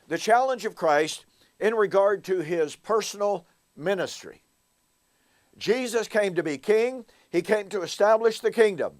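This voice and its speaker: A man teaching from the Bible in a high-pitched, earnest voice. He speaks to his listeners as folks and draws out key words for emphasis. The sound is dry and close, with no room echo. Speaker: Bible teacher and show host. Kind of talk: recorded Bible teaching talk.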